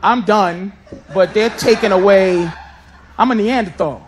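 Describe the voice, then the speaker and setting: A middle-aged man doing stand-up crowd work, loud, brash and profane as he teases the audience on a live stage. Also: high voice, measured pace. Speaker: stand-up comedian. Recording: live show with crowd laughter and noise.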